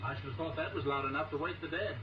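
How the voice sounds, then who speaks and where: An actor playing a stranded, weary traveller in a 1930s film, pleading in a clipped, earnest way. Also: male voice, fairly high pitch, fairly even intonation, fast, roomy sound, a crowd in the background, close to an everyday voice. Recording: distant, dull, hissy old film soundtrack.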